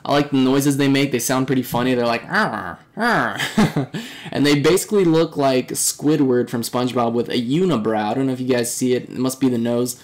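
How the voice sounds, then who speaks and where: A young man narrating a casual game walkthrough in a chatty, relaxed way, his voice a little hoarse and fading. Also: mid-range voice, a little fast. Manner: chatty, relaxed, with fillers and upbeat remarks. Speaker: game reviewer.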